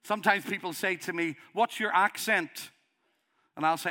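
A middle-aged man with a Northern Irish accent preaching a sermon, passionately, building to loud pleading. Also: high-pitched, moderate pace. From Northern Ireland.

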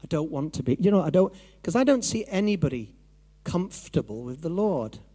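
Animated, conversational male preacher. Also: fairly high pitch, brisk. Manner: animated, conversational, acts out inner voices. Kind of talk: sermon.

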